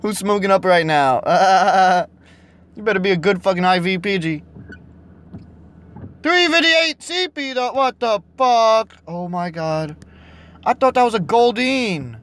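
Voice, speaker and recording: High-voiced man swearing at his game. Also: lively intonation, measured pace, a bit bright. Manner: swearing, frustrated, talking to himself. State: losing his voice. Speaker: vlogger playing a mobile game. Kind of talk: casual vlog commentary.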